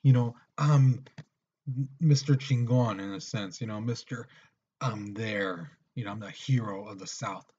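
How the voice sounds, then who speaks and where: A man's voice: fairly low pitch, unhurried, warm tone, lo-fi sound, slight background noise, natural voice. A man voicing a boastful, indignant assassin in a casual history lesson retelling. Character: boastful male assassin craving praise.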